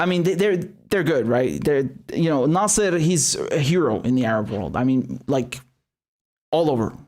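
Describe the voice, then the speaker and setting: A man hosting a live stream, commenting bluntly with heavy swearing and many restarts, then reading viewer chats. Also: mid-range voice. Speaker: show host.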